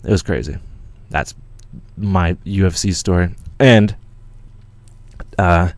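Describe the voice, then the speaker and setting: Canadian dude on a livestream, deep low voice, rambling and swearing, all worked up, dry close mic. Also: male voice, slow, no echo. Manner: excited, swears a lot, rambling with restarts. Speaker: channel host. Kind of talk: casual livestream storytelling.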